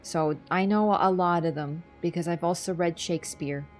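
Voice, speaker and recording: A woman's voice: on the low side, moderate pace, darkish tone, soft background music. A young woman streaming a video game, chatty and casual, swearing and laughing as she talks. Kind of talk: gaming stream commentary.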